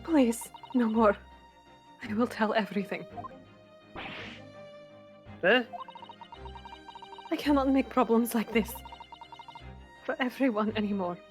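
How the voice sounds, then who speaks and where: A woman voicing a guilty male Russian sailor in a put-on Russian accent, speaking halting, broken English. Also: fairly high pitch, soft background music, voice pushed up. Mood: pleading.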